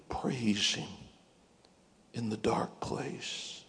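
Male preacher, slow and gravelly, dramatic sermon delivery with hushed whispers. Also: on the low side. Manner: dramatic, drops to whispers and sings out scripture.

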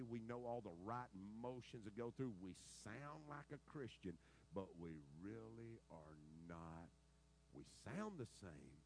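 A middle-aged man preaching a sermon, telling stories dramatically and swinging between loud outbursts and quiet, low stretches. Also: a little hiss or hum, rough recording. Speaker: pastor.

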